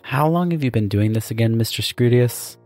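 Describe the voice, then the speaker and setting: A man's voice: mid-range voice, expressive, brisk, darkish tone, faint music behind, voice pushed up, natural voice. A man voicing a dim, eager young male demon nephew who speaks in a meek, subdued way.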